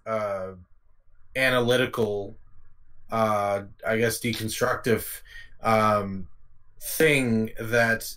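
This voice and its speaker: A man on a livestream panel who talks haltingly, filling his sentences with lots of ums and uhs. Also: lowish voice, steady tone, fairly bright tone. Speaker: panel guest. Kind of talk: casual group discussion.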